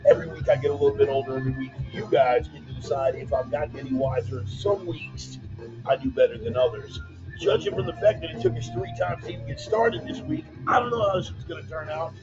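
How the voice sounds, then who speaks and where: A man's voice: a little high, animated, fast. A man hosting his weekly online show from a laptop, casually chatting and calling his listeners "man" and "brother". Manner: loose, joking, calls listeners "man" and "brother". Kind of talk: casual livestream talk reading viewer comments. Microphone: laptop mic. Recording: dull lo-fi laptop sound with music underneath. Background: bumper music.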